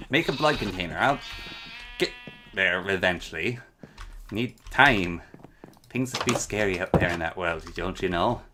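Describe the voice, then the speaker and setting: A man's voice: deep voice, very noisy. A man from the Yukon chatting casually while streaming a game, reading chat aloud and making playful asides. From Yukon, Canada. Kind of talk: casual gameplay commentary.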